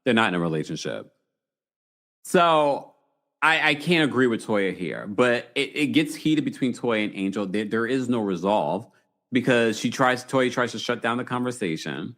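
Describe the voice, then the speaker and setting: A man hosting a casual live recap show who reads out viewer comments, laughs often and reacts with animated surprise. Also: mid-range voice, moderate pace. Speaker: podcast host reading live chat. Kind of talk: casual reality-TV recap chat.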